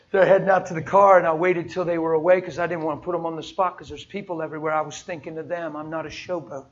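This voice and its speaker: A man preaching a sermon in an earnest, folksy, conversational storytelling way. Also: on the high side. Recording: dull, muffled sound with faint noise.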